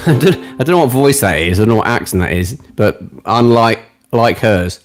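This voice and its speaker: A man's voice: medium pitch, lively intonation, normal speed, over music. Chatty british guy nearly fifty, goofing around on a live stream, ukulele going in the background. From Britain. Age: late 40s. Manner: chatty, self-deprecating, jokey. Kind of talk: casual live-stream chat. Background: ukulele playing.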